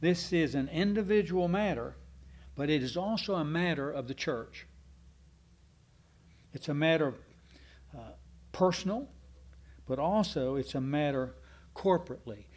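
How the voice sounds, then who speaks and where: A man preaching a Sunday night sermon, teaching emphatically with slow, deliberate stresses and occasional fillers. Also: a little high, a little mellow. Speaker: pastor.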